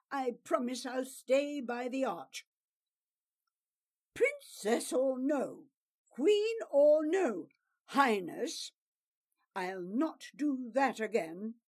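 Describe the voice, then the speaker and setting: A woman voicing a stern, loyal male guard captain who speaks gruffly and deliberately in a storybook reading. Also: fairly high pitch, darkish tone, full character voice. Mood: scolding.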